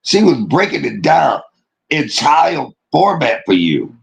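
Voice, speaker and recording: A man's voice: on the high side, sing-song, takes it slowly, vocal fry, poor audio. A man from Detroit hosting a livestream, ranting in a casual, profane way and laughing often. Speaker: livestream host.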